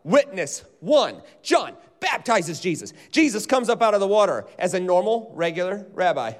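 A man preaching a sermon, teaching with animated delivery and leading the congregation in call-and-response. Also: high voice, normal speed, hardly any pauses. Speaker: pastor. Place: church auditorium.

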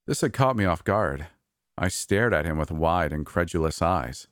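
A man reading a first-person horror story aloud in a calm, measured way. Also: low-pitched, no echo, studio quality. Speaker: narrator.

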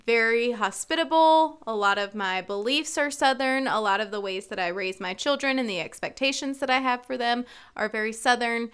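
A woman from North Carolina co-hosts a casual podcast and lets loose an animated rant, laughing as she goes. Her voice sits high and bright, smooth and clear. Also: moderate pace, few pauses. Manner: animated, ranting, laughing often. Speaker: podcast co-host. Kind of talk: casual chat.

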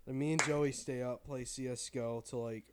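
A man's voice: mid-range voice, fairly even intonation, moderate pace, very noisy. A young man chatting casually among friends, laid-back and swearing.

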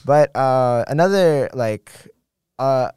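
A man's voice: mid-range voice, animated, slow pace, a little mellow, clear, resonant tone, no room sound, studio quality. A young man hosting a casual podcast chat with friends, joking and laughing often. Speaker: podcast host.

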